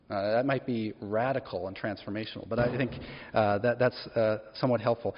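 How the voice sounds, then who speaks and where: A man's voice: on the low side, fairly even intonation, brisk. A man preaching a sermon in a church, talking in a conversational way and asking the congregation questions as he goes. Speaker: pastor. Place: church hall. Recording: echoey hall, dull lo-fi sound.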